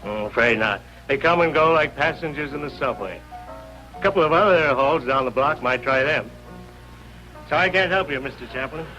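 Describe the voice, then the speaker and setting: A folksy older doorman, bright and sharp, plain street talk; lo-fi radio drama with music under it. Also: mid-range voice, lively intonation, normal speed. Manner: folksy, ungrammatical slang. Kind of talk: 1950s radio drama acting. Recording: dull lo-fi old radio recording.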